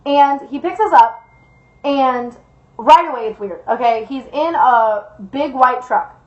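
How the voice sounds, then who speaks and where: Young woman vlogger, higher voice, chatty storytime delivery, heavy swearing, lo-fi and roomy recording. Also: unhurried, darkish tone. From Las Vegas, USA. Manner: rambling, swears a lot, repeats herself for emphasis. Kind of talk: casual storytime.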